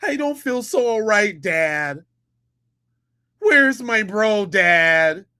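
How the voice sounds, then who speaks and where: A man putting on the voice of an overdramatic, panicky young man who whines loudly in a mocking way. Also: lively intonation, drawn-out words, clear, resonant tone, dry recording, studio quality, heavily acted. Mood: mock-panicked. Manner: high, loud, whining, mocking.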